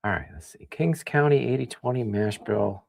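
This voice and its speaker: A man from the Midwest hosting a casual livestream, chatting and thinking out loud as he reads comments. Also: mid-range voice, animated, normal speed, gravelly. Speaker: livestream host. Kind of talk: casual tasting livestream chat.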